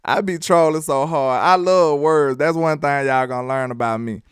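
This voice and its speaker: A man with a Southern accent from Alabama, doing casual sports talk and reading his live chat in an animated, playful, trash-talking way. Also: on the high side, moderate pace, clean tone, dry recording, clean studio sound. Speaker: sports commentator.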